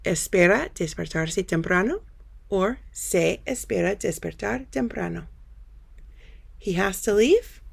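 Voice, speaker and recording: A woman teaching a Spanish grammar lesson over slides, patiently explaining step by step and telling students to pause and practice. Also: mid-range voice, animated, vocal fry.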